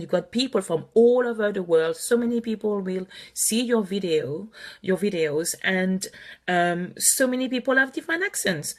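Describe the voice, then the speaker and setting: Encouraging French-accented woman coach. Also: mid-range voice. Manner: encouraging, earnest, chatty with laughs. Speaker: online marketing coach. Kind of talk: motivational live video talk.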